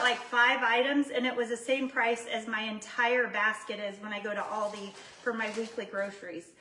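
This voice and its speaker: A woman's voice: fairly high pitch, bright, forceful tone, echoey room, recorded from a distance, slight background noise. A woman chatting casually while making salsa in her home kitchen on a livestream, self-deprecating and talking straight to her viewers. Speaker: jewelry maker cooking on a livestream. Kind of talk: casual live cooking chat.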